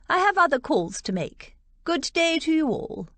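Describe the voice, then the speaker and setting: A woman's voice: high voice, big pitch swings, normal speed, fairly bright tone, no echo, voice pushed up. A woman voicing a bossy, sardonic elderly aunt in an audiobook, haughty and cutting.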